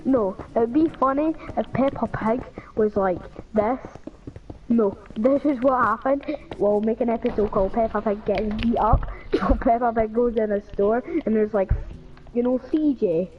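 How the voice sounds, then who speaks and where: A woman's voice: on the high side, moderate pace, highs cut off, soft background music. A woman chatting casually as a vlog co-host, rambling and giggling and breaking into silly voices. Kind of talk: casual chat.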